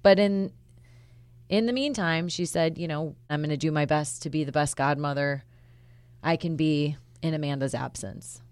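A woman's voice: low voice, normal speed, a little mellow, clean tone, dry recording. A woman news reporter talking through a story in an earnest, conversational way. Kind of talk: podcast news discussion.

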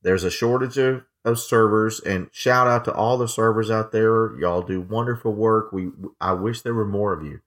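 A man's voice: on the low side, moderate pace, few pauses. A man co-hosting a casual podcast, telling a rambling story with lots of restarts and acted-out dialogue. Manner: rambling, restarts, acts out both sides of dialogue. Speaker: podcast co-host.

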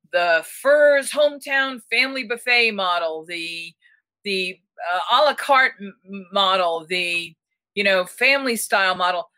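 A woman's voice: mid-range voice, pushed and bright. A woman hosting a casual panel chat, asking long, rambling questions full of restarts.

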